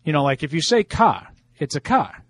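A man's voice: on the high side, sing-song, moderate pace, dry recording. A man with a Boston accent co-hosting a sports radio show, chatty and self-deprecating, often repeating words as he thinks. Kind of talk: casual sports talk.

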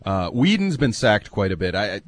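Lively-voiced man on sports talk radio. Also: fairly low pitch, fairly quick, no echo. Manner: animated storyteller who mimics others, laughs easily. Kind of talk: casual sports radio banter.

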